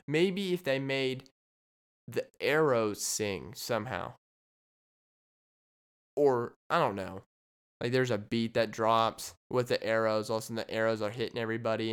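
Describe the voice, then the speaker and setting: A man hosting his own podcast, talking alone in a rambling, jokey way as he riffs on silly ideas. His voice is smooth and clear, at a middling pitch. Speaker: podcast host. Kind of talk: solo comedic podcast monologue.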